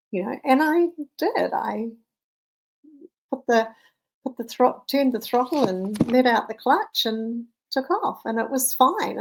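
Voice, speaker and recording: Woman mindset coach, 50s, high-ish gravelly voice, reflective storyteller turned gentle instructor. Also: rough recording. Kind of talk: motivational talk with personal story.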